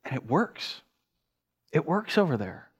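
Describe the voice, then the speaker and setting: A middle-aged man giving a sermon as a pastor, telling stories with animated energy, acting out scenes with sound effects and often restarting his phrases. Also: fairly high pitch, a little slow, slightly rough. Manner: repeats words, restarts phrases.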